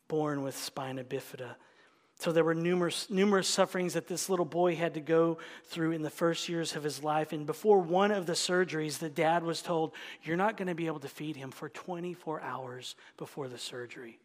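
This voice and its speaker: High-voiced pastor preaching dynamically. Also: male voice. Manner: dynamic, swings from loud emphatic peaks to hushed whispers. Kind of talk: sermon.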